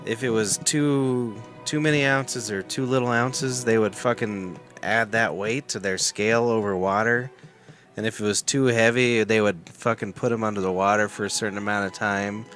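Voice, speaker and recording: A man's voice: fairly low pitch, fairly even intonation, moderate pace, fairly bright tone, faint music behind. A man from the United States co-hosting a podcast, ranting bluntly and cursing constantly in crude casual banter. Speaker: podcast co-host.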